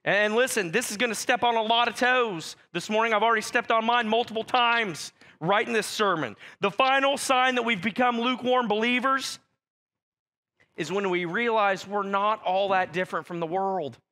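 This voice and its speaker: A man preaching a sermon with a very high, bright voice. He talks to the congregation in a direct, conversational way, calling them out plainly. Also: normal speed. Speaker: pastor.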